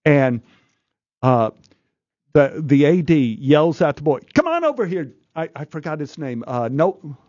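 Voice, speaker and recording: A male actor guest telling an animated anecdote in a studio interview, stammering, restarting and acting out voices. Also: on the high side, measured pace, long pauses, no echo, muffled recording. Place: radio studio.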